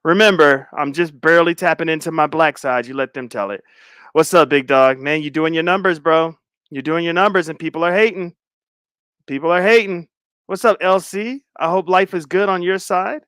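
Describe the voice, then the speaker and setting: A middle-aged man hosts a livestream, reading viewer comments and chatting casually with a playful, teasing manner and frequent laughter. His voice is on the high side with a fairly bright, clean tone. The studio-quality audio has no echo.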